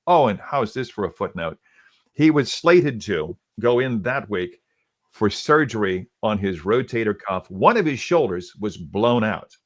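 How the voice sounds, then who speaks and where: A middle-aged radio host tells a story in a low, relaxed voice. He quotes the people in it again and again with "he goes" and often restarts his sentences. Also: measured pace. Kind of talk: casual storytelling.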